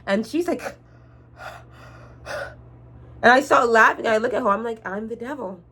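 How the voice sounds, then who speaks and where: A young woman with a soft R sound, telling a storytime rant on her vlog, exasperated and swearing freely. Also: fairly high pitch, takes it slowly, breathy edge. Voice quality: cannot say R sounds. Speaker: vlogger.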